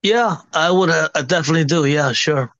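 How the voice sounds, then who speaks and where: A man's voice: a little high, a little fast, fairly bright tone, dry recording, lo-fi sound. A man receiving a psychic reading, answering briefly and agreeably.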